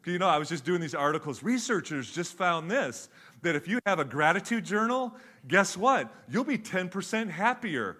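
A middle-aged man preaching a sermon, telling stories with lively acted-out voices that swing from loud to hushed. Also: high voice, normal speed. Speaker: pastor.

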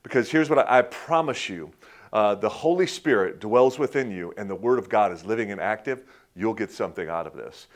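A man's voice: lowish voice, fairly quick. A man in his fifties preaching a conversational sermon, telling personal stories in a folksy way with many restarts and chuckles. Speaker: pastor.

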